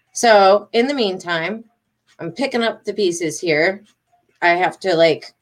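A worked-up middle-aged woman with a drawl vents a story straight to her followers. She talks in rambling bursts, swearing and pressing every point hard. Her pitch sits right in the middle for a woman. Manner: agitated, swearing, emphatic and rambling. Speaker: vlogger.

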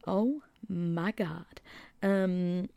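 A woman's voice: lowish voice, drawn-out words, gravelly, dark tone, no echo. A young Englishwoman hosting a casual podcast, telling a story, feeling shaky and unwell, with drops into whispers. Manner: chatty storytelling, dips into whispers for quoted asides. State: shaky, unwell after hospital. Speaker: podcast host. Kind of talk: casual solo chat.

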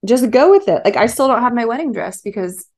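A woman's voice: fairly high pitch, quick pace. Chatty woman telling a story with laughter. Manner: animated storytelling, laughs often. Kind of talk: casual conversation.

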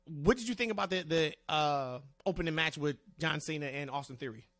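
A man's voice: on the high side, fairly quick, dry recording. Upbeat male podcast host, dry sound. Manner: animated, steers the talk to co-hosts. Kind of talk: casual chat.

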